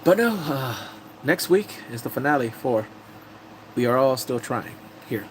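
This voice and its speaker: A man recapping TV dramas for his live-stream viewers, his pitch swinging all over the place as he acts out the characters. His voice sits in an ordinary middle register. A faint hum of noise runs under the recording. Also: measured pace, rough recording. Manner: animated storytelling, acting out characters' lines in exaggerated voices.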